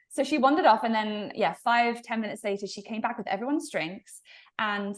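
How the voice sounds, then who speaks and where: Lively English woman telling stories. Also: a little high, fairly quick. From England. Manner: animated storytelling, laughs often. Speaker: podcast guest. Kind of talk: casual conversational interview.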